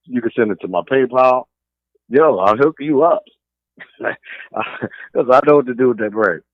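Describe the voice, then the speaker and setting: A man's voice: medium pitch, a little slow, no room sound. A man from New York with a New York accent, hosting a casual sports talk radio show in a streetwise, opinionated way. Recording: dry, phone-like narrow band.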